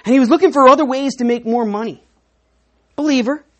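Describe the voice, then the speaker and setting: Woman preacher, sermon delivery, animated, slips into crowd voices. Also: sits high, a little fast. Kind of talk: sermon with an object lesson.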